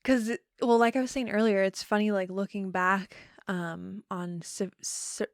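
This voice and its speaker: A young woman in her twenties telling a personal story in a casual interview, soft-spoken with many pauses and ums. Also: medium pitch, fairly even intonation, no room sound, studio quality. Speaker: podcast guest.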